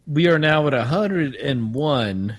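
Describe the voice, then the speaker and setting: A man hosting a casual podcast, talking in a relaxed way with a few pauses. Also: mid-range voice. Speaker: podcast host.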